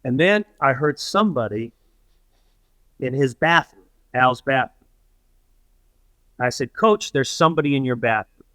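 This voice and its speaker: A man, a podcast guest, telling a story in a conversational way, often pausing and restarting as he acts out what others said. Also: mid-range voice, expressive, a bit bright, dry recording. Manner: anecdotal, acts out quoted dialogue with halting restarts.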